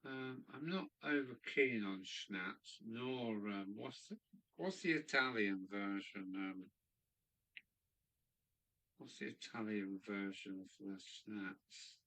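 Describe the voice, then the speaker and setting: Slow, bright-voiced man chatting casually. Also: fairly low pitch, poor audio. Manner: rambling, chatty, musing aloud. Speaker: host of a live stream. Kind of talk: casual chat reading viewer comments. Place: hobby room in a loft.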